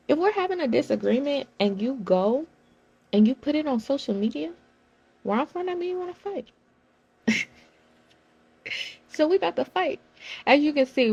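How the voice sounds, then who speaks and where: A young woman from California speaks in a high, Valley-girl-like voice. She tells stories in a loose, animated way, slipping into the voices of the people she quotes. The audio is slightly dull and lo-fi. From Southern California. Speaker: vlogger. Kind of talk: casual monologue.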